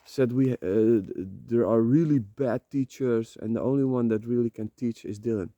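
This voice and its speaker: Brief: man, mellow low-brightness tone, rambling confessional vlogger, repeats himself, swears freely, dry close sound. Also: normal speed, no echo, dull audio. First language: Dutch. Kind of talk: emotional personal vlog monologue. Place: rented room.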